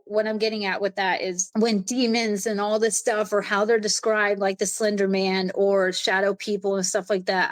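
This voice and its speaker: A woman in her thirties speaks as a podcast guest sharing long-held personal experiences. Her voice sits in a middle pitch range, and she talks in a candid, earnest, chatty way. She often restarts a thought and adds asides along the way. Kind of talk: recounting personal experiences in casual conversation.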